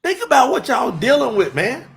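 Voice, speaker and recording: A man preaching on a livestream, fiery and emphatic, rising to shouts, then chatting loosely with his viewers between points. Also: very high voice, wildly swooping pitch, normal speed, creaky, soft background music. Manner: addresses the audience as y'all, loose and conversational between points. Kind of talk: livestream sermon and chat with viewers.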